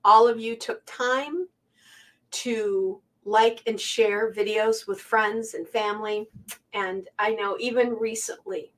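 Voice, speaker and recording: A woman's voice: mid-range voice, fairly even intonation, slow, distant mic. Middle-aged woman, heartfelt rambling host chat, a bit off-mic. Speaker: quilting channel host. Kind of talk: casual talk to camera.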